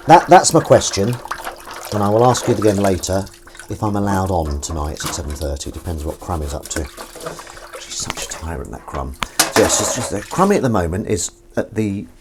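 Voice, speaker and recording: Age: adult. Sex: man. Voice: low, very lively pitch. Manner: rambling casual chat. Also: noisy background. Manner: rambling, chatty, reads viewer comments aloud, swears casually. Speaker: live streamer. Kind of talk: casual chat to live viewers. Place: home kitchen, washing up at the sink.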